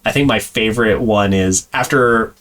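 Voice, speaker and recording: A man's voice: fairly low pitch, normal speed, a bit bright. A man co-hosting a podcast in casual chat, rambling with plenty of fillers and frequent laughs. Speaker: podcast co-host.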